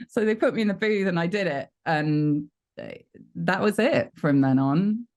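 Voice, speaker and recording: A British woman in her forties speaks openly in an interview. She is a chatty, frank storyteller who is quick to poke fun at herself. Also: on the low side, a little mellow. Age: 40s. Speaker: voice actor guest. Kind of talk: candid interview talk.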